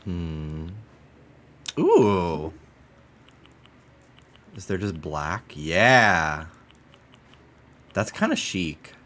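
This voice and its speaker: A man's voice: low-pitched, very animated, very slow, long pauses, fairly bright tone, a little hiss or hum. A man streaming a game, chatting casually and playfully while he decorates, with light swearing. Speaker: streamer playing a life-sim game.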